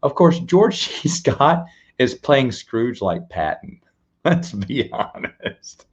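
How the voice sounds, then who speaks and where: A man's voice: mid-range voice, big pitch swings, slow, breathy edge, highs cut off. A man hosting a casual live stream, rambling, restarting his words and chatting directly with viewers. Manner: chats to viewers and reads out donations. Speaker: live-stream show host.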